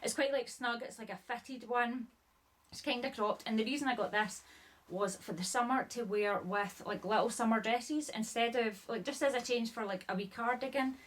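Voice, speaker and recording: A woman with a higher-pitched voice talks at a normal speed while showing items in a haul video. She's a little out of breath, rambles, apologizes often, and fills her sentences with "like."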